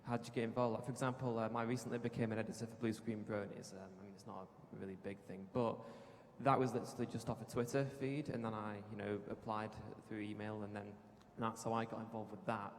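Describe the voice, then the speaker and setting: A man with a low, flat voice rambles through a question at a panel, full of fillers and restarts. His words ring out in a long-reverb convention hall. Faint background noise sits under him. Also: fast, few pauses. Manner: hesitant, many fillers, rambling. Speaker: audience member asking a question.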